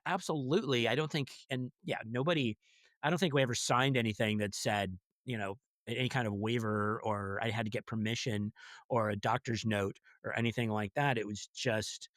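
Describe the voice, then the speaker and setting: A man's voice: on the low side, fairly bright tone, dry recording, studio quality. A middle-aged man co-hosting a podcast, rambling wryly and mock-quoting people. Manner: rambling with restarts, wry, mock-quotes people. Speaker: podcast co-host. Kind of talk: casual chat.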